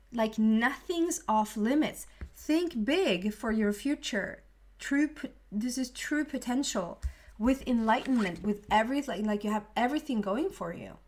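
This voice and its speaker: Woman in her thirties, tarot reader, rambling and earnest, voice sits a bit high. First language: Swedish. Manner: chatty, rambling, earnest, with many restarts. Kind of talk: tarot card reading.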